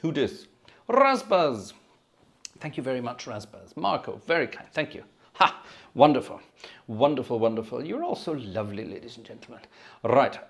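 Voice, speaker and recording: Between organ tunes on a live stream, a cheerful organist and host chats effusively with viewers, repeatedly thanking them by name. His gravelly voice moves at normal speed, its pitch swinging up and down in a lively, sing-song way.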